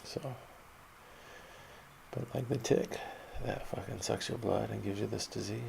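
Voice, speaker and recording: A man's voice: fairly low pitch, fairly even intonation, measured pace, vocal fry, darkish tone, slight background noise. A young man telling a rambling, profane personal story in a laid-back, meandering way. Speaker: autobiographical podcaster.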